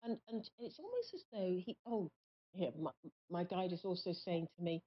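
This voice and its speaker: A woman hosting a live call-in psychic reading on the radio, speaking in a halting, searching way with many pauses. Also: fairly low pitch, big pitch swings. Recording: muffled lo-fi stream audio.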